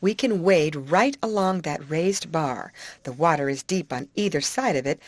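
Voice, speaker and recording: A woman reading a novel aloud, voicing a brisk teenage girl who leads her friends, eager and decisive. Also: deep voice, expressive, no room sound. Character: brisk take-charge teenage girl leader.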